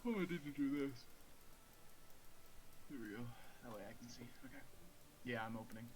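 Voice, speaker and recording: A man playing a tabletop game, making quiet, dry remarks. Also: medium pitch, fairly quick, background noise. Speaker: player.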